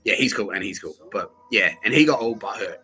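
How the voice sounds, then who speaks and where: A man hosting a podcast, telling a rambling story in a casual, profane, animated way. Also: on the low side, brisk, rough recording. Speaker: podcast host.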